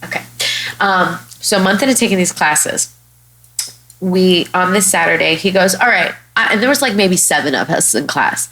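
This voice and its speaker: The audio is low-quality with slight background noise, and her fairly low voice moves at an ordinary pace. She's a young Chicago comedian on her own podcast, spinning a casual, animated story full of profanity and blunt remarks.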